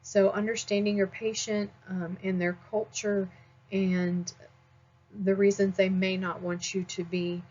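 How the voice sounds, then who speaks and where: A woman teaching a nursing class in a conversational lecture style, often pausing with "um" and checking in with "all right?". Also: medium pitch, level tone, a little mellow, dull audio. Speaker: nursing instructor. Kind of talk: recorded lecture.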